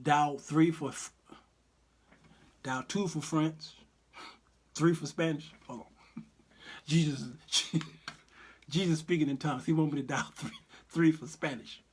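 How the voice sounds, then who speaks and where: A man hosting his own livestream commentary, lively and sermon-like in his delivery. His voice sits fairly high for a man. His talk is folksy and direct. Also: slow pace, pauses often, slight background noise. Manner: animated, preachy, folksy. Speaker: host and Bible teacher.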